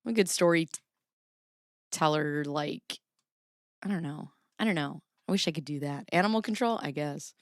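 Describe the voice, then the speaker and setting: A woman's voice: deep voice, normal speed, pauses often, dry recording, clean studio sound. A woman hosting a casual live reaction stream, chatty and profane, rambling through stories and laughing often. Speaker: live-streaming commentary host.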